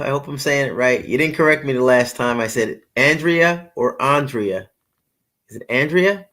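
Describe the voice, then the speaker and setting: This is a middle-aged man with a gravelly, fry-edged voice at an ordinary pitch, hosting a live stream. He rambles in easy, casual chat, circles back to repeat himself, and calls out viewers by name as they arrive. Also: fairly bright tone. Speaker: livestream host.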